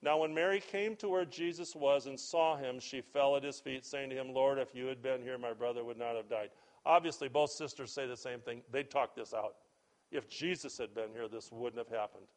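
A man preaching a sermon, reading scripture and breaking off into plain asides to the congregation. He speaks in a measured, emphatic way and slows down on key words. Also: medium pitch. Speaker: pastor.

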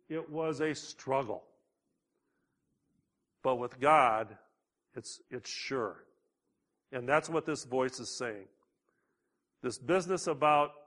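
Male pastor, unhurried deliberate sermon delivery, slightly raised pitch. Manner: emphatic, slow and deliberate with swelling emphasis.

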